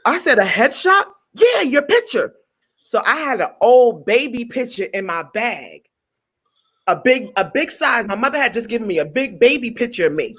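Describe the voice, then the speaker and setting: A comedian guest from New Jersey, USA tells a story in casual conversation, her fairly high, husky voice moving at a moderate pace. She's animated, acting out the voices of the people involved, and stutters now and then.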